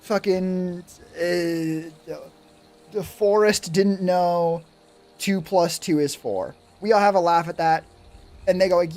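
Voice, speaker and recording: A man's voice: high-pitched, fairly even intonation, slow, darkish tone. A man streaming live, talking casually in a rambling, sarcastic way and swearing a lot.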